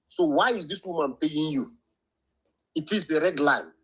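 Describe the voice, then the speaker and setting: Husky man calling in emphatically. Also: a little high, lively intonation, normal speed, fairly bright tone, poor audio. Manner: emphatic, preachy, repeats "understand?". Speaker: caller. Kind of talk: heated call-in comments.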